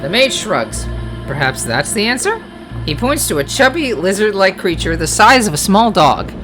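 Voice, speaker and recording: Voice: medium pitch, sing-song, moderate pace. A gamer reading a card game's text aloud, breaking into hesitant casual asides and self-corrections. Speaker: let's play gamer. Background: game music.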